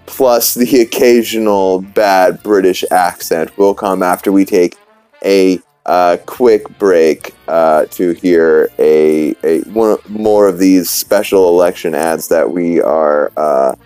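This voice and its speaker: Deep, dark-voiced casual podcast host. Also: male voice, slow, clean tone, no room sound, soft background music. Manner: rambling, sarcastic, lots of fillers. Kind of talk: casual recap commentary.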